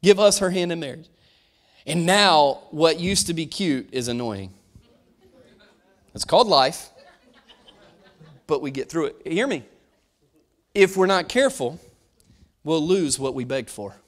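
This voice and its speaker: A man preaching a sermon as pastor, lively and animated, shouting at peaks and dropping to a hush, often restarting phrases and acting out voices. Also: a little high, measured pace, pauses often.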